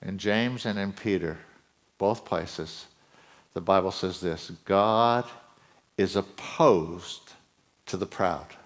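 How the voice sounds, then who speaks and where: A middle-aged male preacher giving a sermon, his voice climbing higher and louder as he gets excited. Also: slow, pauses often. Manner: voice climbs high and loud when excited.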